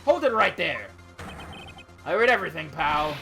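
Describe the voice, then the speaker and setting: Woman doing a loud gruff detective. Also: sits low, big pitch swings, fairly quick, voice pushed up, full character voice. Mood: triumphant. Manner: loud shouting. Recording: game music underneath.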